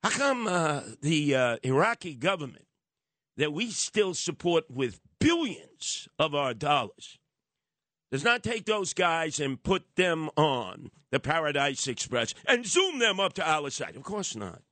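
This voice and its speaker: Brief: fiery New radio host, a man with a highish voice, sarcastic and animated, dry close mic. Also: measured pace, no room sound. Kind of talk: opinionated radio monologue.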